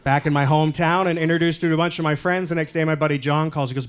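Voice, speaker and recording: A male stand-up comedian from Canada doing a set in a comedy club, deadpan and self-deprecating, with loud punchlines. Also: on the high side, rapid-fire, clear, resonant tone.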